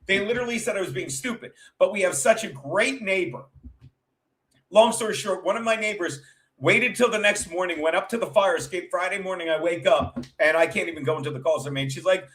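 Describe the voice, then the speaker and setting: A livestream host tells a rambling, profane comic story, chatting with his live viewers as he goes. His voice is high-pitched and a bit bright, and he talks fairly quickly in a tumbling, self-interrupting way.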